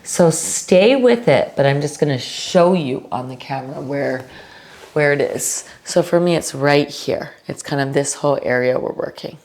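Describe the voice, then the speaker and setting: A woman teaching a restorative yoga class, giving calm, unhurried cues with casual fillers. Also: sits low. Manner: slow, calm cueing with fillers. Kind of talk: guided yoga instruction.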